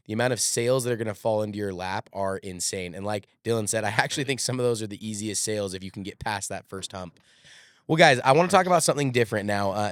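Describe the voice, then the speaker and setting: A man's voice: medium pitch, clear, resonant tone, dry recording, studio quality. A man hosting a sales training show, coaching his audience and calling them "guys" and "dude". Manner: addresses listeners as "guys" and "dude". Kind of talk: coaching interview.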